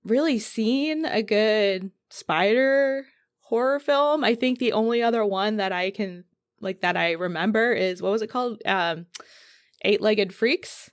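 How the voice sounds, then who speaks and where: A woman's voice: medium pitch, unhurried, dry recording. Woman from Newfoundland, podcast guest, blunt and sweary, dry close sound. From Newfoundland, Canada. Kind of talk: casual podcast chat.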